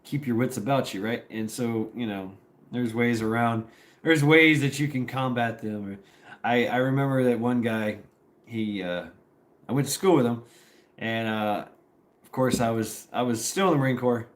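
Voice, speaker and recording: A man's voice: medium pitch, moderate pace. A man, a former Marine, telling a story to a live audience in a rambling, profane way with lots of fillers.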